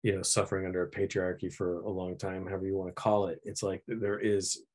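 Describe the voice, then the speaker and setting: Man, podcast guest, very deep voice, husky, thoughtful, reflective. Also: flat delivery, fast talker, darkish tone. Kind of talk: casual chat.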